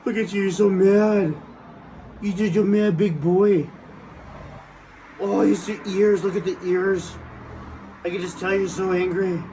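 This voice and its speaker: A man on a patio talking to his cat in a soft, sing-song pet voice. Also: high voice, fairly even intonation, measured pace, pauses often, slight background noise. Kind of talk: casual talk to a pet. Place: outdoor patio.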